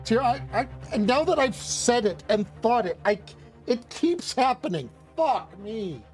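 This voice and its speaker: A man's voice: very high voice, big pitch swings, unhurried, soft background music. Self-mocking male streamer. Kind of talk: casual live-stream commentary.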